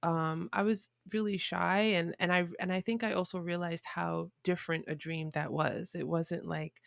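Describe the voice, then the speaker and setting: A woman's voice: lowish voice, fairly even intonation, moderate pace, creaky, dry recording, clean studio sound. A woman guest on a podcast, telling a childhood story in a reflective way, with frequent restarts and fillers. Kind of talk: conversational storytelling.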